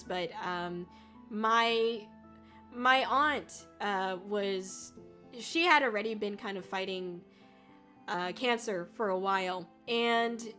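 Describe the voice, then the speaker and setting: A woman's voice: medium pitch, sharp tone. A woman VTuber chatting casually on a livestream, rambling with lots of fillers and the odd swear. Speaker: VTuber streamer. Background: faint music.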